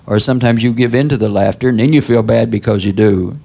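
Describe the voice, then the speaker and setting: A man preaching a sermon in a conversational style, prodding listeners with "huh?" and leaping up high for emphasis. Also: fast, gravelly, a little mellow. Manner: conversational preaching with call-outs like "Huh?" and sudden high exclamations. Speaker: pastor.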